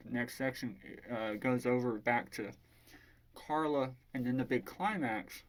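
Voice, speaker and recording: A man's voice: mid-range voice, unhurried. A man casually retelling a novel's plot as a book reviewer, rambling and swearing freely.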